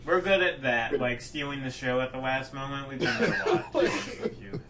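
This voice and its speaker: Dude at a tabletop game, wry jokes, mid voice, noisy mic with clicks. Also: male voice, mid-range voice, expressive, normal speed. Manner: wry, joking. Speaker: player. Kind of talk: casual chat at a tabletop game.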